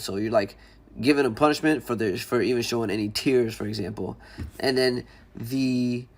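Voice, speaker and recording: A man casually explaining a parenting book in a conversational way, often restarting and acting out example quotes. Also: mid-range voice. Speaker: educational channel host.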